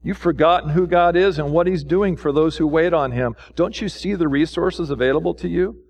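A man with a high voice for his sex preaches a sermon to his congregation. He is fervent and keeps asking rhetorical questions. His pitch leaps upward whenever he exhorts. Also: a little fast, darkish tone. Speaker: pastor.

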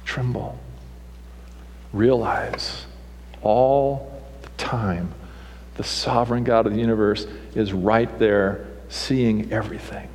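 A middle-aged man preaching a sermon as pastor, animated and theatrical, acting out people's voices to make his points. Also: slow pace, in a large hall. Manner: animated, mimics people with raised pitch and punchy delivery.

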